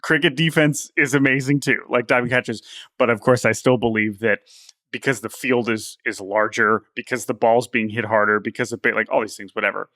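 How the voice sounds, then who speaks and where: Male co-host, easygoing banter, average pitch, close dry studio sound. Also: fairly quick, dry recording. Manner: animated, laughs often, repeats words while thinking. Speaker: podcast co-host. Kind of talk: casual sports podcast chat.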